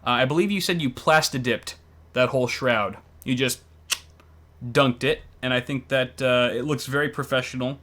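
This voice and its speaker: A man's voice: medium pitch, normal speed, a bit bright. A man hosting and casually commenting on builds in an easygoing, chatty way with lots of fillers. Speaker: host.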